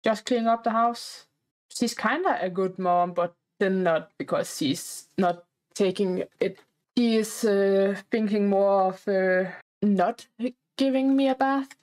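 Woman, gameplay commentary, chatty, plays the baby, playfully demanding, mid-pitched voice. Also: fairly even intonation, takes it slowly, a little mellow.

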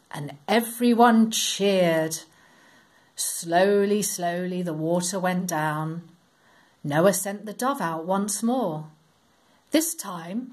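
A woman reading a Bible story aloud to children, in a slow, expressive, sing-song storytelling manner. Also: medium pitch.

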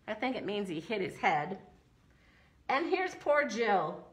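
A middle-aged woman leading a preschool story time as a librarian, talking in an animated sing-song way for small children. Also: mid-range voice, slow.

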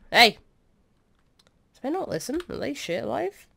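A young woman playing a game and commenting, excitable and swearing as she shouts orders at her troops. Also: mid-range voice, normal speed, vocal fry, long pauses. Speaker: gaming streamer. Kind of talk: let's play commentary.

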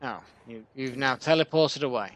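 A man giving casual commentary while playing a video game, chatty and prone to excitable outbursts and swearing. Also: mid-range voice, normal speed, background noise. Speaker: let's play gamer.

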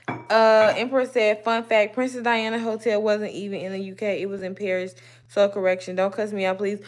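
A woman's voice: mid-range voice, fairly even intonation, normal speed. A young woman hosting a casual live stream outdoors, reading chat aloud and answering, blunt and swearing freely. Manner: blunt, swears freely, talks back to trolls. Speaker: livestream host reading chat. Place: outdoors at home, evening.

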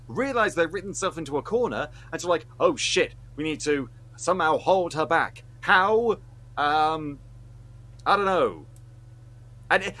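Animated, sweary man ranting. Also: high-pitched. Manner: heated, sweary, sarcastic ranting. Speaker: podcast co-host reviewing films. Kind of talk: casual podcast rant.

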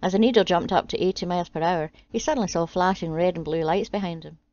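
A woman reading a string of jokes aloud in a steady, deadpan way. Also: lowish voice, fast talker. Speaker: channel host reading jokes. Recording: dry, slightly dull home audio.

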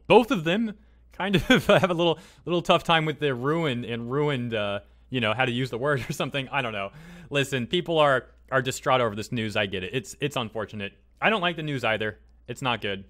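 A man's voice: mid-range voice, expressive, moderate pace, fairly bright tone. A man hosting a casual commentary video, reading out posts and chatting about them with loose fillers and asides. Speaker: YouTube commentator.

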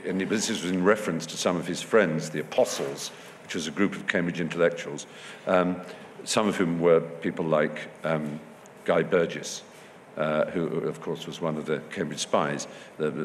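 A man's voice: deep voice, measured pace, fairly bright tone. A man speaking as a guest in an onstage festival conversation, discursive and wry, often restarting his sentences. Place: festival stage before an audience. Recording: long hall reverb, faint background noise.

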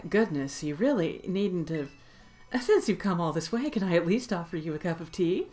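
A woman voicing a cheerful, doting mother in a video game, speaking in a lively, motherly way. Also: lowish voice, moderate pace, soft background music, lightly acted.

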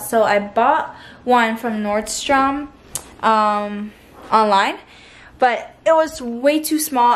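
A woman's voice: a little high, slight background noise. A young woman in her twenties chatting casually to camera as a lifestyle vlogger, bubbly and full of fillers. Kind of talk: casual vlog chat to camera.

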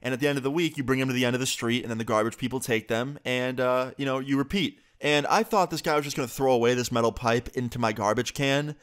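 Animated young man telling a story. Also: medium pitch, fast talker, hardly any pauses, smooth. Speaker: YouTuber. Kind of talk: story time vlog.

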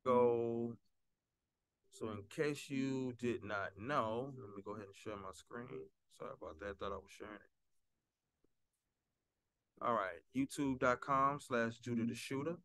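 A man giving a casual Hebrew lesson, reading a prayer slowly and carefully, then explaining in a loose, relaxed way with many fillers. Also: mid-range voice, dry recording. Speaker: Hebrew teacher.

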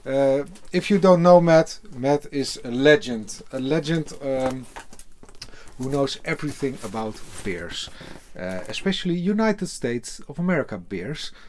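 A man with a Dutch accent, a native Dutch speaker, chatting casually in an unboxing video, halting often with fillers and cursing offhand. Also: mid-range voice, lively intonation, slight background noise. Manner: hesitant, halting, full of fillers, casually swearing. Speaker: beer reviewer.

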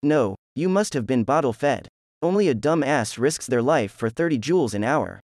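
A man's voice: medium pitch, animated, moderate pace, a little mellow, no echo, natural voice. A rude, lazy young ninja who throws out crude, mocking insults, as a man reads him in a fan story. The voice sits close and dry, with no room around it.

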